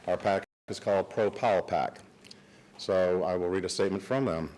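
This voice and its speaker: A man's voice: sits low, normal speed, a little mellow, low-quality recording. A man at a county meeting, formally reading out a prepared statement on behalf of a committee. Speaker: speaker representing a political action committee.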